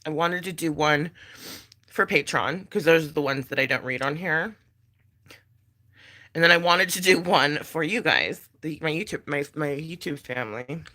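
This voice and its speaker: A woman's voice: low-pitched, sharp tone. A pregnant woman vlogging in casual chat, blunt and chatty, swearing freely and laughing between thoughts.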